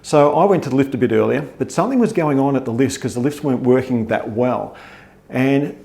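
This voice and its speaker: An Australian man casually telling a wry, tall-tale story in a relaxed way. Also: medium pitch, a little fast, vocal fry.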